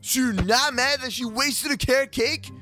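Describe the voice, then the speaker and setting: Jittery high-voiced roleplay host. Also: male voice, moderate pace, faint music behind. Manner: jittery, rambling, excitable. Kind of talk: Minecraft kids roleplay.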